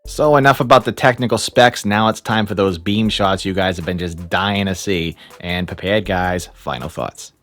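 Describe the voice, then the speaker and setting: A man with a Boston accent reads a product review script as a comedy bit. His voice sits very low, and he keeps dropping profane, sarcastic asides between the specs. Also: normal speed, few pauses, a bit bright, soft background music.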